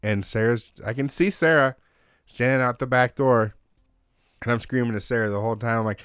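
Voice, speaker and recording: A man telling a long story in casual chat, animated and swearing constantly. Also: mid-range voice, moderate pace, smooth, no echo, studio quality.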